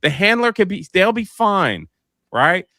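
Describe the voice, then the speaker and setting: A man hosts a live panel chat and tells his anecdotes with lots of life, acting out each voice along the way. His voice sits a little high and bright, swinging widely in pitch. The sound is close and dry. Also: big pitch swings, unhurried, dry recording. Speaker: live show host. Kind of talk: casual panel chat, storytelling.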